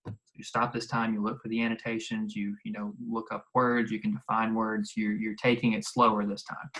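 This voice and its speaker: A man teaching a recorded video lesson, talking casually and repeating instructions slowly so students can write them down. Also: medium pitch, a bit bright, poor audio.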